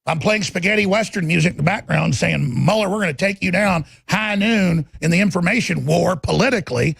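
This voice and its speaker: Male talk host, gravelly and husky, combative rambling monologue, fairly high pitch. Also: a little fast, a bit bright. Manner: combative, rambling, acts out quoted voices. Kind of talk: political talk show monologue.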